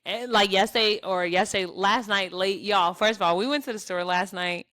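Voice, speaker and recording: Bright-voiced woman telling stories. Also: mid-range voice, normal speed. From southern Virginia, US. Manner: animated storyteller, addresses listeners as y'all. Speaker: podcast co-host. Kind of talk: casual chat.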